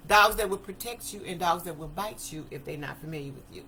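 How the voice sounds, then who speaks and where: Emphatic woman in her fifties, bright voice. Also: fairly low pitch, fairly quick, poor audio. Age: 50s. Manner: vivid, emphatic storytelling with vernacular speech. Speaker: speaker. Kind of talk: personal testimony talk.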